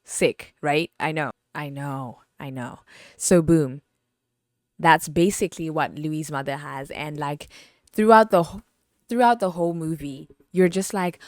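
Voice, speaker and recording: A woman hosting a podcast, chatting about a film in an animated, exclaiming way with lots of fillers. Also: deep voice, unhurried, no echo, studio quality. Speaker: podcast host. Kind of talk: casual movie review chat.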